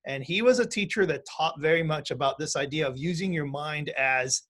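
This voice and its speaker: A man's voice: on the high side, moderate pace, fairly bright tone. Chatty man teaching an online class. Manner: chatty, keeps asking "right?" to check in. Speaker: music teacher leading a mindfulness course.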